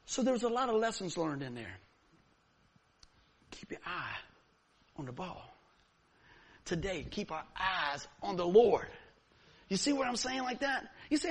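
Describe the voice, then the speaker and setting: A man preaching a sermon, telling a story with lively, acted-out moments. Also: high voice, normal speed. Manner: animated storyteller, acts out scenes. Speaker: pastor.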